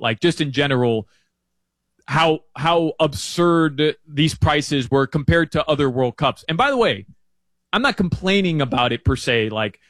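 Guy rambling about soccer picks, lots of um and like, highish voice. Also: no room sound. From Uruguay fan living in Miami. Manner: rambling, animated, lots of fillers and restarts. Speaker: soccer analyst guest. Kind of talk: casual sports chat.

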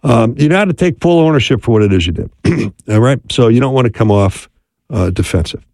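A man's voice: mid-range voice, animated, brisk, a little mellow, no room sound, clean studio sound. A man giving a conversational talk on marriage, often checking in with "right?". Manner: conversational, keeps asking "right?".

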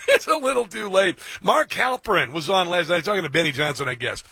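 A male talk radio host chatting in a casual, rambling, excitable way, laughing often. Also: high-pitched, a little fast, gravelly, breathy edge, dry recording.

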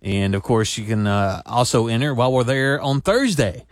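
A man co-hosting a sports talk radio show, relaxed and a little hesitant, laughing along. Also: medium pitch, normal speed, dry recording, studio quality. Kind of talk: casual radio banter. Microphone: studio microphone.

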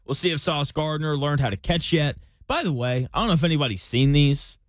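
A man's voice: a little high, fairly quick, no room sound. Chatty man analyzing football, dry close sound. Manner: chatty, jokey analogies, reads listener questions. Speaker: sports podcast host. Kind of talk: casual sports talk.

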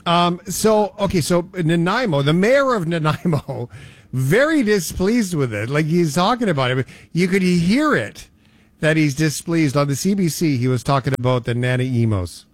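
A man's voice: a little high, expressive, moderate pace, no echo. A man hosting a radio show, bantering casually in a playful, storytelling way.

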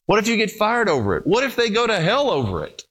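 A man preaching a sermon, talking straight to his listeners and swinging from loud, emphatic peaks down to low, hushed storytelling. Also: huge pitch swings, fast talker. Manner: speaks directly to the congregation, addressing them as folks and guys.

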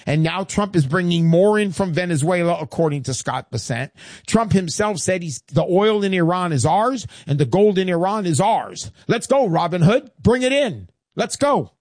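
A man hosting a radio show, pushing a product in a brash, hard-selling voice that swings up and down in pitch. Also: animated, moderate pace, a little mellow, no echo, studio quality. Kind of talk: pushy sales pitch radio talk.

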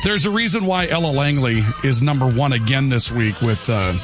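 A man's voice: medium pitch, lively intonation, moderate pace, music in the background. A man hosting a call-in radio talk show, chatty and opinionated, rambling and checking in with "okay?" as he goes. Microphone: studio microphone.

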